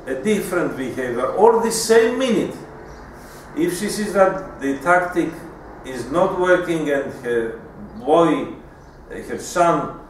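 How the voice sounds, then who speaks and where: A man giving a lecture in a deliberate style, often restarting his sentences. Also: a little high, slight background noise. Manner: deliberate, with frequent restarts and fillers. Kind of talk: recorded lecture. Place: lecture room. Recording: echoey room, mic far off.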